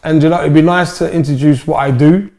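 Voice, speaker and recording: A man's voice: fairly high pitch, steady tone, a little fast, mellow. A man with a Cockney accent, a stand-up comedian co-hosting a podcast in casual, jokey banter. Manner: jokey, slangy, laughs often.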